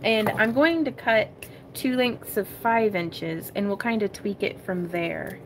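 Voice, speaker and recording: A woman's voice: medium pitch, unhurried, noisy background. A woman hosting a casual crafting tutorial livestream from her home craft room. She chats with viewers, giggles often and calls them y'all.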